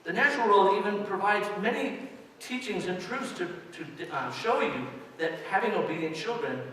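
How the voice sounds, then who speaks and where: A man's voice: high-pitched, expressive, normal speed, fairly bright tone. A middle-aged man preaching a sermon as pastor, speaking conversationally and turning to address the children directly. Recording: distant mic, echoey church hall, faint hiss.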